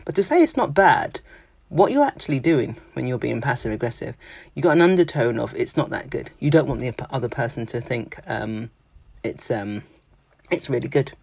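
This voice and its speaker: A Londoner talks in a casual, expressive monologue, mimicking stock phrases with real emphasis. The voice has a gravelly edge and rises and falls in lively swings. The sound is dry and close, with no room echo. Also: mid-range voice, normal speed. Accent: London English. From London, England.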